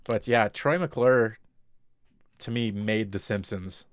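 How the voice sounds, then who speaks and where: A man's voice: lowish voice, takes it slowly, dry recording, studio quality. Rambling man in casual chat. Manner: rambling, many fillers and restarts. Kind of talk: casual chat about TV shows.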